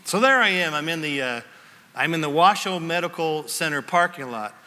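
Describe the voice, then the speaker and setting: A man preaching a sermon as pastor, telling stories with sudden shouts and hushed whispers. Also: fairly high pitch, moderate pace. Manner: animated storytelling, shifting from shouts to whispers. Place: church sanctuary. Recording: long reverb of a large hall.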